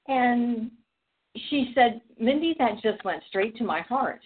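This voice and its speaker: A woman's voice: on the high side, expressive, normal speed, husky. A woman telling a long, rambling story in casual conversation, with frequent restarts and quoted dialogue. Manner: chatty, rambling, many restarts. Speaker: podcast guest. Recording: phone-like audio.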